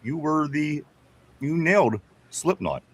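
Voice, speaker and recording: A man's voice: on the high side, animated, slow pace. A man hosting a casual sports talk show, reading viewer comments aloud with frequent chuckles and repeated words. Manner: chatty, stumbles and repeats words, chuckles often.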